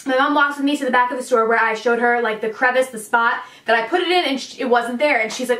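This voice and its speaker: A woman's voice: a little high, fast, few pauses, a bit bright. A young adult woman chatting through a storytime vlog, with lots of casual fillers. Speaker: vlogger. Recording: echoey room, distant mic.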